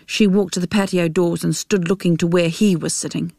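A woman reading a short story aloud as narrator, in a measured, steady way. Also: fairly low pitch, creaky, dry recording, clean studio sound.

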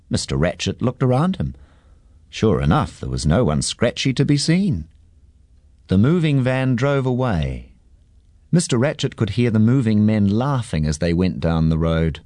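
A man reads a children's story aloud, slowly and expressively. His voice sits fairly low and moves freely in pitch, recorded close and dry. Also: very animated, darkish tone, no room sound.

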